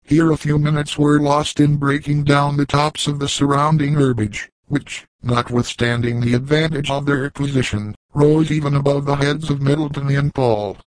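A man narrating a classic novel in an even, formal reading style. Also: mid-range voice, dry recording, poor audio. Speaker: audiobook narrator.

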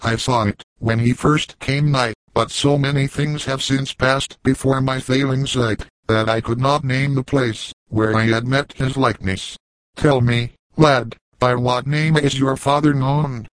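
A man's voice: medium pitch, fairly even intonation, unhurried, no room sound, natural voice, poor audio. A man voicing an old frontier trapper who speaks with eager, trembling emotion in a storybook reading. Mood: wistful.

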